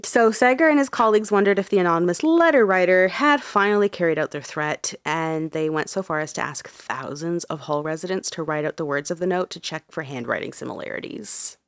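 Chatty low-voiced woman, sick. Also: expressive, a little fast, hardly any pauses, dry recording, studio quality. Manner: chatty, laughs often, says "like" a lot. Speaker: podcast host. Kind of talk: casual true crime storytelling.

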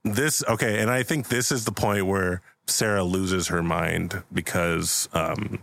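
A man's voice: sits low, steady tone, a little slow, vocal fry, a bit bright. A man hosting a comedy podcast, improvising a story in a rambling way full of fillers. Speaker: podcast host.

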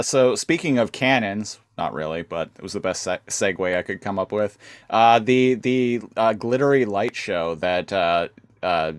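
Low-voiced man recapping a cartoon casually. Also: no echo. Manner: rambling, many fillers and restarts, swears. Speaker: podcast co-host.

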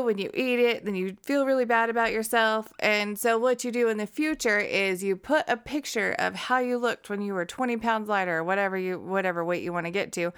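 A woman with a smooth, clear voice co-hosting a chatty podcast. She talks casually and swears freely. She reads out phone call transcripts in an easy, conversational way. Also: medium pitch, a bit bright. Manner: laughs often, swears casually. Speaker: podcast co-host. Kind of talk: casual chat, reading transcripts aloud.

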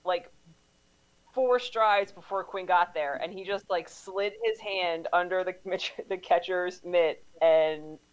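A woman co-hosting a casual podcast chat from home over a call, chatty with quick asides. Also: on the low side, steady tone, rough recording. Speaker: podcast co-host.

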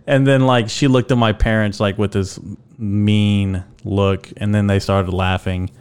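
A man's voice: lowish voice, flat delivery, measured pace, a little mellow, clear, resonant tone. A young man hosting his own podcast alone, rambling and joking casually, with lots of fillers and some swearing. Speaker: podcast host. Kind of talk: casual solo podcast chat.

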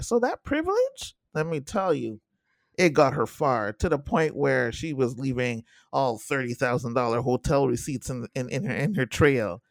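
A young man chatting casually on a podcast, lively and quick to act out what people said. His voice has a gravelly fry, recorded dry and close with no room around it. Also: no room sound. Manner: animated, acts out quotes in high voices. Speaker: podcast co-host. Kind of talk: casual chat reviewing a TV series.

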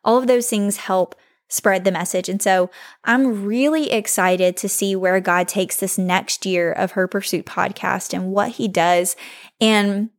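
A woman's voice: mid-range voice, unhurried. Young woman podcast host, solo, earnest and heartfelt, mid-range voice. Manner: earnest, heartfelt, faith-focused.

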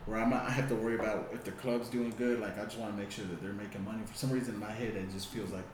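A man's voice: lowish voice, flat delivery, racing, background noise. A man, a stand-up comedian, chatting casually and agreeably. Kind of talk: casual chat. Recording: very echoey room.

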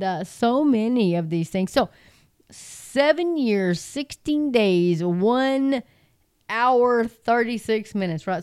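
A middle-aged woman speaks into a handheld mic, chatty and folksy as she reads scripture to her listeners. Her voice is mellow and smooth. The sound is close and dry. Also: medium pitch, dry recording. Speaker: online Bible teacher. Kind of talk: casual livestream Bible talk and scripture reading.

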